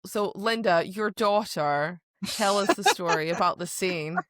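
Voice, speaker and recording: A woman's voice: medium pitch, a little slow, a bit bright, no room sound, clean studio sound. A woman co-hosting a podcast, chatting about a book in a gushing, dramatic way. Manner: gushing, dramatic, quotes scenes in put-on voices. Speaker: podcast co-host. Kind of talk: casual book discussion.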